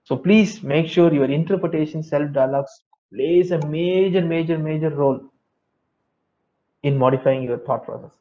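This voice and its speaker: A fairly high-voiced man leads an online training session. He talks in an animated way and says key phrases over and over. The sound is dull and lo-fi, like webinar audio. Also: normal speed. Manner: lively, reads chat answers aloud, repeats key phrases. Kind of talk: interactive online lecture.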